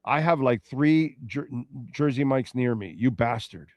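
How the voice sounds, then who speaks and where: Rambling middle-aged radio host. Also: male voice, mid-range voice, expressive, a little slow, a little mellow, no echo, muffled recording. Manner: rambling, conversational, reacting to chat. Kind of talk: casual sports talk.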